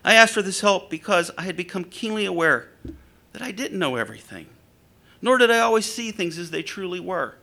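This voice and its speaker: Lively gravelly-voiced preacher man. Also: fairly quick. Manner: conversational storytelling with lively pitch swings. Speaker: preacher, former police officer. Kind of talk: sermon with storytelling.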